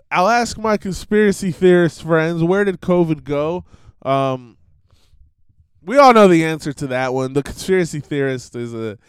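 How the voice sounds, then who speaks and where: A high-pitched man talks through a loose podcast rant, stopping and restarting his thoughts and swearing freely. His voice is smooth and unhurried, recorded dry and close. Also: no room sound. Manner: rambling, self-interrupting, profane, mock-voices people. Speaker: podcast host. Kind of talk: casual ranting monologue.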